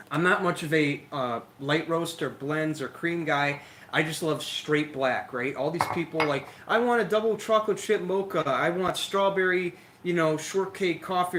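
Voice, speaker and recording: A young man hosting a casual lawn care livestream, chatty and energetic, a little out of breath, talking into a phone. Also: a little high, slight background noise, poor audio. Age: young adult. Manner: chatty, energetic, filler-heavy. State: slightly out of breath. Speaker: lawn care show host. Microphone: phone camera.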